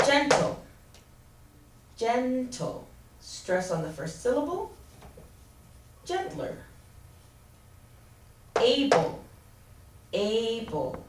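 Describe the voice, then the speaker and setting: A woman teaching an English grammar lesson, explaining slowly and clearly and spelling out letters. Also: sits high, sing-song, a little hiss or hum. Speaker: ESL teacher. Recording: roomy, distant mic with faint ambience.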